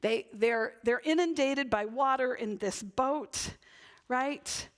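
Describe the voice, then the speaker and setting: A woman pastor preaches slowly in a high-pitched voice, keeping her church sermon conversational and chatty. She's from Northern New England and often caps her points with a quick "right?"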